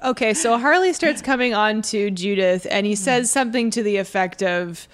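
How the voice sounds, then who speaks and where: Woman chatting on a podcast, mid pitch, animated storyteller. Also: normal speed. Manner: animated retelling, acts out quotes. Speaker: podcast co-host. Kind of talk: casual chat.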